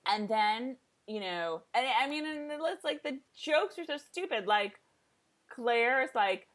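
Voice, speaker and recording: A woman's voice: mid-range voice, expressive, unhurried, a bit bright. A woman co-hosting a casual chat who giggles often, uses lots of fillers and acts out scenes in playful voices. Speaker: podcast co-host.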